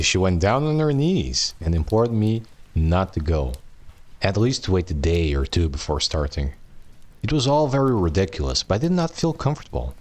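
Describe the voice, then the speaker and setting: A man with a low voice reads a novel aloud on a live stream in a casual way. He stumbles over long words and drops in joking side comments.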